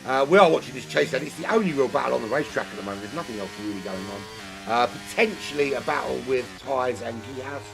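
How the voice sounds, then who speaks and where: A man doing solo live race commentary, rambling and jokey, getting excited at incidents, his voice worn from a long weekend of talking. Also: medium pitch, fast, gravelly, over music. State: losing his voice. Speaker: sim racing commentator.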